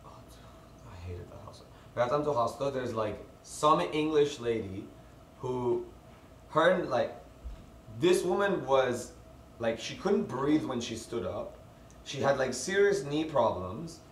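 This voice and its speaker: A man's voice: medium pitch, lively intonation, a little slow. A young man telling a casual story among friends, laughing as he goes and acting out what people said. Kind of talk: casual chat. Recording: roomy, distant mic, noisy background.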